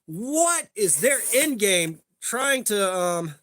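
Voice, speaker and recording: A man's voice: sits high, very animated, takes it slowly, fairly bright tone, no room sound, clean studio sound. A young man hosting a casual livestream, rambling profanely and greeting viewers in chat by name. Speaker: livestream host.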